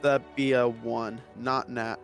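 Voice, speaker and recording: Slow, hesitant young male player. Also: medium pitch, little pitch movement, gravelly, soft background music. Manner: slow, unsure, corrects himself. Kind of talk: tabletop game play.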